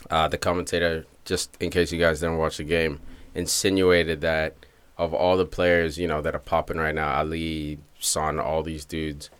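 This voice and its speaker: A man's voice: rumbling low, flat delivery, moderate pace, fairly bright tone, clean tone. A man co-hosting a casual soccer podcast, dropping sarcastic asides. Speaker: podcast co-host. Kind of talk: casual chat.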